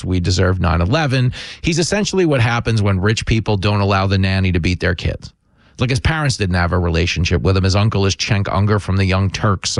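A man's voice: lowish voice, no room sound. A man hosting a show, delivering opinionated political commentary with sarcastic, mocking asides.

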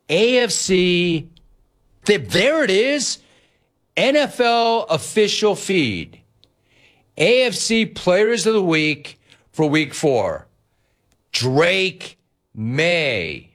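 Guy hosting sports radio, voice swings all over, a bit high, ranting. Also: very slow, pauses often. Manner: animated, ranting, quoting others in mock voices.

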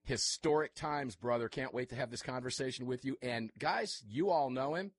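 A man hosting a live talk radio show from his studio, chatty and energetic, with quick asides to his guests. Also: medium pitch. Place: studio full of electronic equipment. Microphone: studio microphone.

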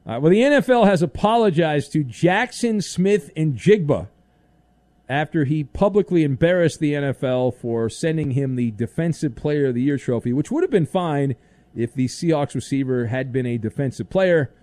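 A man's voice: fairly high pitch, expressive, moderate pace, warm tone, no echo. A man hosting sports talk radio, playful and teasing as he takes calls and reads the news.

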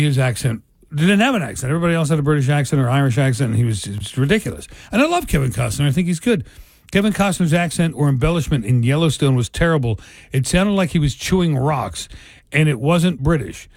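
A man's voice: a little high, a little mellow, no echo. A man from New Jersey co-hosting a radio talk show, chatting casually and rambling from topic to topic with jokes. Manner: chatty, rambling, quick to joke.

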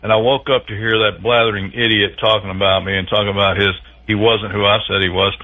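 A man's voice: fairly low pitch, flat delivery, fast. A man calling in to a radio show, rambling in a folksy, meandering way. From Tennessee. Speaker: caller. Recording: tinny phone line.

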